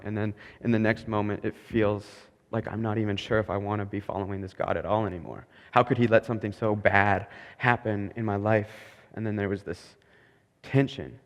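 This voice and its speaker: A young man preaching a sermon, telling a personal story in a candid, self-mocking way and laughing at himself as he goes. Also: fairly low pitch. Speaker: pastor. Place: church sanctuary. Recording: long hall reverb.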